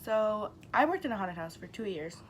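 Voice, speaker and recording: A woman's voice: mid-range voice, lively intonation, moderate pace, rough recording. Young woman vlogger, rambling storyteller, mid-range voice, faint hiss behind. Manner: chatty and rambling, heavy use of "like", swears casually. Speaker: YouTuber telling a story. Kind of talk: casual storytime vlog.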